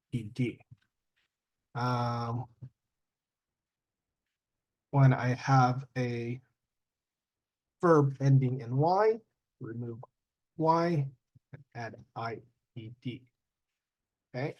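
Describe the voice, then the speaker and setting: Guy teaching english grammar, real slow, lots of ums, sounds out endings. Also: mid-range voice, darkish tone. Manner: halting, with many ums and self-corrections; sounds out word endings slowly. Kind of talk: classroom grammar lesson.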